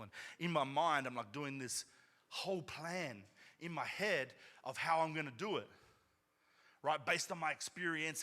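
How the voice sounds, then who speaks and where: Bright-voiced pastor in a reverberant church. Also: male voice, a little high. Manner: conversational, frequent "right?" asides, rising to loud emphatic peaks. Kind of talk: sermon with personal story. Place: church sanctuary.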